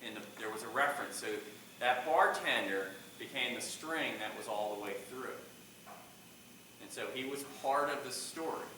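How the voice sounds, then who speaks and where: A man's voice: medium pitch, normal speed, far from the mic, slight background noise. Man coaching speech in echoey classroom. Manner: asks the class questions, lively shifts in volume. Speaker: public speaking coach. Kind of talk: classroom talk to students.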